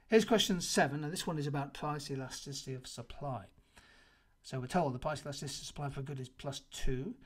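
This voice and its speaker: A man teaching an economics revision lesson, walking through multiple choice answers in an explanatory manner and stressing the key points. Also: a little high. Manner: explanatory, emphatic on key answers, occasional restarts.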